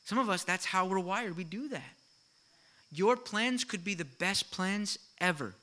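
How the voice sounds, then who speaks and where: A middle-aged man preaching a sermon to his congregation, animated and full of rhetorical questions and quick asides. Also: high voice. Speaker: pastor.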